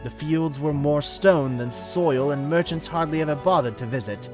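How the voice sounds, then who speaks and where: A man voicing a sad, soft-spoken young woman archer in a game, talking earnestly. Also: on the high side, moderate pace, natural voice. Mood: wistful. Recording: clear background music.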